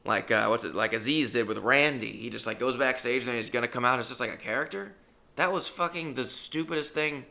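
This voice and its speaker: A stand-up comedian telling stories in a casual, rambling way and swearing freely. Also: male voice, mid-range voice, creaky, bright, forceful tone. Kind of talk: casual storytelling monologue.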